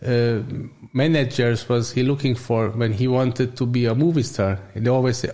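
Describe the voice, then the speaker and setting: A man whose first language is Hungarian talks as an interview guest in English with a Hungarian accent. His voice sits in an ordinary middle pitch. He stops, restarts and hunts for words as he goes. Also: steady tone, dark tone. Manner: halting, searching for words in English. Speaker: gym owner.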